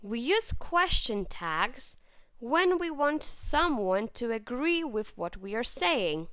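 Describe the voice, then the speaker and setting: A woman teaching English grammar in a clear, patient way, with lively intonation and plenty of example sentences. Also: a little high, dry recording. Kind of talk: grammar lesson.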